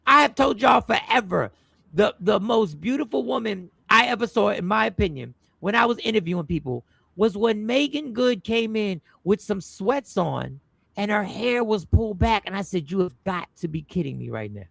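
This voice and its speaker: A man who is a comedian, hosting a casual livestream chat and telling animated stories that repeat lines for effect. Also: sits high, normal speed, creaky, no echo. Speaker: host.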